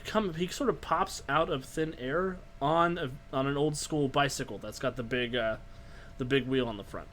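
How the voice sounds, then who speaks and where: A man runs a tabletop game as its game master. He narrates in a relaxed, halting way with plenty of ums, and a faint background hiss sits under his voice. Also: mid-range voice. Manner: relaxed, hesitant, many ums.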